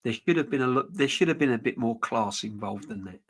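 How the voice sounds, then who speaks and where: Man, middle-aged, live-stream host, rambling and frank with restarts, mid pitch. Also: animated, fairly quick. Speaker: football channel host reading live chat. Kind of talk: casual live-stream chat.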